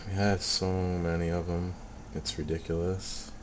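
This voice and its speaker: Soft-spoken low-voiced man, hesitant. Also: little pitch movement, measured pace, slight background noise. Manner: hesitant, many ums and restarts. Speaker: paranormal hobbyist playing back recordings. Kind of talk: casual video commentary.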